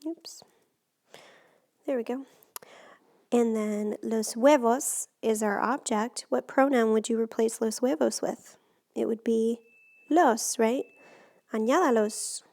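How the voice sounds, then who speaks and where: In a recorded lesson, a woman teacher patiently explains Spanish grammar step by step, taking it slowly with long pauses. Her slightly high voice, a little mellow, often slips into a gravelly fry, and she sounds close to the mic.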